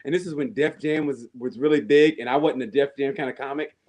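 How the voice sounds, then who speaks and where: A man who works as a stand-up comedian, telling stories in casual podcast chat, animated, laughing often and swearing freely. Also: mid-range voice, fairly quick.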